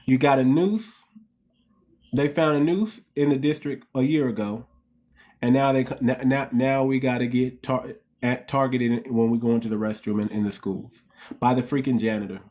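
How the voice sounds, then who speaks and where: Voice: mid-range voice, steady tone, moderate pace, darkish tone. Fired-up commentary host speaking to viewers. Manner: heated, repetitive, keeps calling the audience "family"; rhetorical questions, emphatic restarts. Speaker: channel host. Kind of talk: impassioned commentary monologue.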